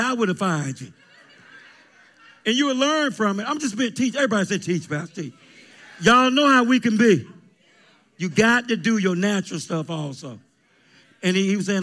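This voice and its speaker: Gravelly preacher calling out to his church. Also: high voice, big pitch swings, moderate pace, long pauses. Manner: preaching with call-and-response, bursts of shouting. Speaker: pastor. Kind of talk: sermon. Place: church sanctuary with congregation.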